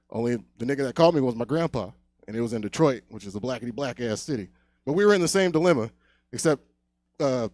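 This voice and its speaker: A young man doing a stand-up set on a comedy club stage, telling a long story, often dropping to a hush, then getting loud again. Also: medium pitch, no echo. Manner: loose storytelling, swings loud and quiet.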